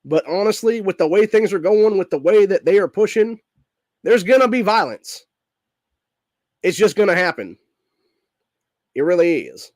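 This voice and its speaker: This man's voice is high and darkish, animated, at a normal speed with frequent pauses, recorded cleanly in a studio with no room sound. Hosting a political podcast while clearly ill, his voice is messed up, and he delivers a furious, profanity-packed rant, tacking "dude" onto nearly every line.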